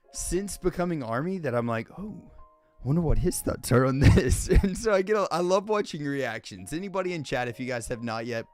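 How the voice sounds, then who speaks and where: A man's voice: medium pitch, darkish tone. A man hosting a live stream, greeting his chat one name after another. His voice swoops up and down as he exclaims and chats casually, sounding a little winded. Faint music plays behind him.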